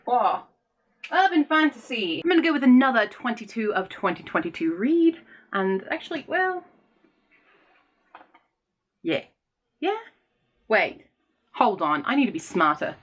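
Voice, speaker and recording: A woman chats casually on her own vlog, excitable and scattered, thinking aloud as she goes. She laughs easily and swears off-hand when things go wrong. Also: fairly high pitch, unhurried, pauses often. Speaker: book vlogger. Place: home room with bookshelves.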